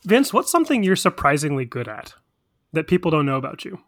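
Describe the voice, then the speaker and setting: A man's voice: on the high side, big pitch swings, fairly quick, a bit bright, no room sound. A man hosting a casual podcast, full of joking, teasing banter. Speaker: podcast host.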